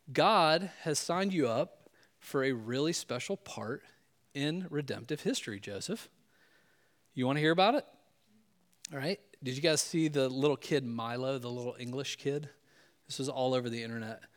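A male pastor giving a sermon in a loose, conversational way, often checking in with "right?". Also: mid-range voice.

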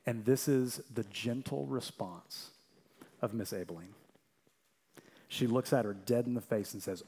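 A young adult man delivers a sermon as a pastor. His voice sits at an ordinary pitch. He swings between energetic, rapid anecdotes and quiet, deliberate emphasis. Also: husky. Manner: swings from loud, quick storytelling to quiet, slow emphasis.

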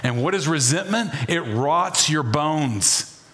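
A middle-aged male pastor preaches with a folksy, animated delivery. He mixes playful asides into his sermon, and his voice sits somewhat high for a man. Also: takes it slowly.

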